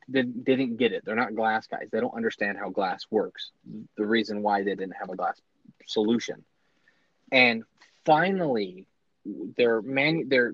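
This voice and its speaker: A man, a small business owner, telling his story in casual, animated talk with lots of fillers and restarts. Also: mid-range voice, no echo. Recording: dry, slightly dull lo-fi sound.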